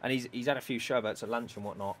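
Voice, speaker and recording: A man's voice: medium pitch, steady tone, quick pace, a bit bright, a little hiss or hum. A young man co-hosting a podcast, telling funny stories in slangy casual chat and laughing often. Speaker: podcast co-host.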